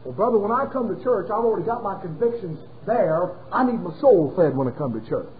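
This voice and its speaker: A man preaching a sermon to his congregation in a folksy, emphatic way, slowing down hard on key words. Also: sits high, expressive, slight background noise. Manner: folksy, emphatic preaching with sudden slowdowns and chuckles. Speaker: pastor. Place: church. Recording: tinny phone-like audio.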